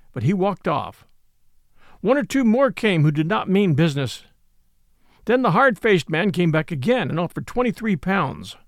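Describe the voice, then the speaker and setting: A man reading a classic novel aloud as an audiobook, in a gentle storytelling manner. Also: sits high, creaky, no echo, clean studio sound. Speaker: audiobook narrator. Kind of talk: scripted narration of a classic novel.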